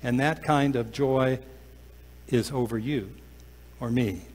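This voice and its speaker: Man preaching in a reverberant church. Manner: slows down and drops to a soft, low voice for emphasis. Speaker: pastor. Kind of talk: sermon. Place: church sanctuary.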